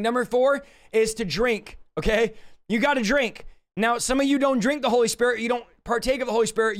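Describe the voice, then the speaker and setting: A man preaching and leading prayer on a livestream, urgent and exhorting, his voice hoarse and his throat scratchy. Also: extremely high pitch.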